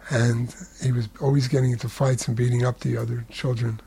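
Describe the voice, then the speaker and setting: A man telling a spiritual story in a relaxed, conversational way, with humorous asides. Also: mid-range voice, fairly quick, vocal fry, slightly rough.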